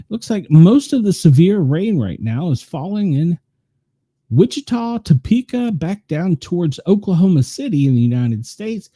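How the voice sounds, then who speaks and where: A man's voice: high voice, sing-song, moderate pace, mellow, no echo, studio quality. A man with a Tennessee accent hosting his show, rambling through live weather radar in casual chat and poking fun at himself. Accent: Tennessee Southern. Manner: rambling, self-mocking, thinks aloud while clicking around. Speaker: show host.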